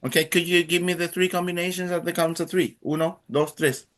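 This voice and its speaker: A man's voice: sits high, fairly even intonation, brisk, a bit bright. A man teaching a Spanish class, patiently leading students through a pronunciation drill. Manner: patient, prompting repetition.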